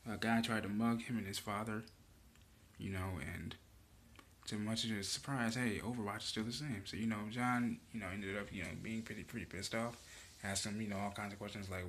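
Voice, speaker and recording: A man with a fairly low voice talks through a TV episode in a loose, rambling recap. He leans on "you know" constantly and drops casual profanity. A faint hiss of noise sits under his voice. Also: steady tone, a little fast, fairly bright tone. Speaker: show reaction vlogger.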